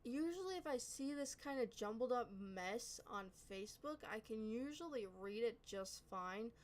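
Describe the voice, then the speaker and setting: A woman's voice: on the high side, animated, normal speed, poor audio. Chatty, self-correcting woman reaction vlogger. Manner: chatty, rambling, often apologizing and correcting herself. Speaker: reaction channel host. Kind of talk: casual reaction commentary.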